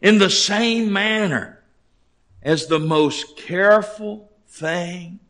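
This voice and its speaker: A man preaching a sermon, emphatic, repeating key phrases, swinging from near-shouts down to low, quiet endings. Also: slow pace.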